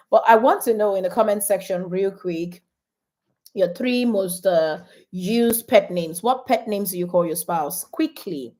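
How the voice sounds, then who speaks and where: A middle-aged woman with a mid-range voice coaches married couples on a live stream. She's animated, laughs often, and reads viewer comments aloud.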